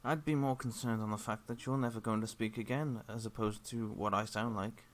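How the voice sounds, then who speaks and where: A man's voice: lowish voice, steady tone, a little fast, close to an everyday voice. A man voicing a sinister old hermit sorcerer who speaks in a smug, menacing way. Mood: gloating.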